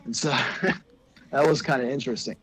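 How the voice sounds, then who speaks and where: A man's voice: mid-range voice, normal speed, a bit bright, slight background noise, poor audio. A man on a casual livestream, retelling a religious story in a rambling, hesitant way. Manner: rambling, hesitant, many fillers and restarts.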